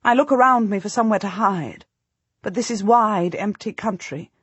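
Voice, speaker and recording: A woman narrating a historical audiobook in the first person, measured and storytelling. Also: medium pitch, fairly bright tone, slightly rough, no room sound, muffled recording.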